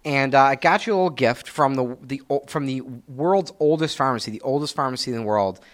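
A man's voice: medium pitch, fairly quick. A man co-hosting a podcast, rambling through crude comic stories with many fillers. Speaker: podcast co-host. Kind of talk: casual comedic chat.

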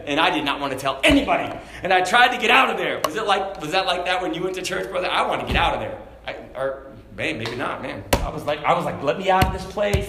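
High-voiced preaching man, echoey. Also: a little hiss or hum. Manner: swings from shouted preaching to quiet asides. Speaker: pastor. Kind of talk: sermon.

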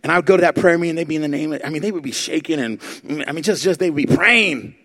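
Animated male preacher telling stories. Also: a little high, fast talker. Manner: animated, acts out quotes, asks the crowd for response. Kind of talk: sermon storytelling.

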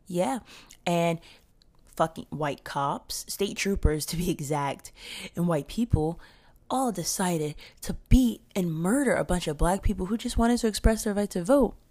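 A woman's voice: deep voice, a little mellow. A woman hosting her own solo podcast, talking in a blunt, profane and fired-up way. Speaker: podcast host.

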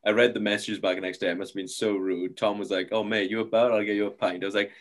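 A man hosting a podcast, bantering in casual chat with quick asides. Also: on the low side, little pitch movement. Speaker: podcast host.

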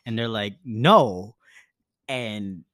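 A young man hosting a podcast, telling a party story in a casual, animated way, with lots of filler words and some swearing. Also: medium pitch, moderate pace. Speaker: podcast host. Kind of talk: casual chat.

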